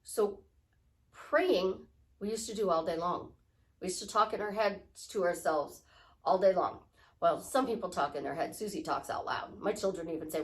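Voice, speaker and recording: A woman's voice: on the low side, normal speed. Woman, life coach, casual spiritual chat, rambling, acts out small conversations. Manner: chatty, rambling, acts out little dialogues. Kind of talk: casual spiritual talk to camera.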